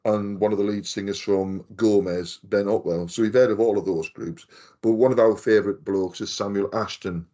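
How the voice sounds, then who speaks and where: A man's voice: fairly low pitch, steady tone, moderate pace, mellow, lo-fi sound. Rambling man telling anecdotes. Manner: rambling anecdotal storyteller, swears casually. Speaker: podcast co-host. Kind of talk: casual chat.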